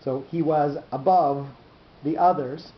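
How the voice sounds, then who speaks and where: In a dull, echoey room with a faint rumble, a man teaches Torah at a study session. He speaks haltingly and slowly, with fairly even intonation, plenty of fillers and restarts, and pauses to spell out terms.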